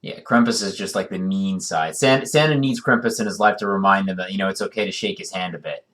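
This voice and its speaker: A man's voice: low-pitched, a bit bright. Playful young male co-host. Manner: playful, quick-witted. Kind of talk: casual chat.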